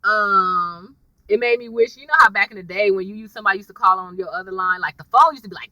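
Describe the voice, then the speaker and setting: A woman's voice: mid-range voice, fast, sharp tone, no echo, distant mic, low-quality recording. A woman giving a casual, chatty recap of a TV episode, talking straight to her viewers and calling them y'all. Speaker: TV recap vlogger.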